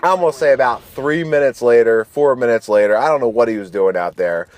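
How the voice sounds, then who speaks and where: A man's voice: medium pitch, brisk. Laid-back man swearing through a story. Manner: relaxed, slangy, profane, frequent restarts. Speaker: gaming channel host. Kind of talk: casual storytelling over gameplay.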